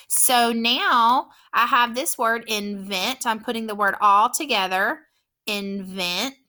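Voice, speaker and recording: Slow, bright-voiced woman teaching phonics. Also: on the high side. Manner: slow, clear, encouraging teacher talk. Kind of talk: phonics lesson for children.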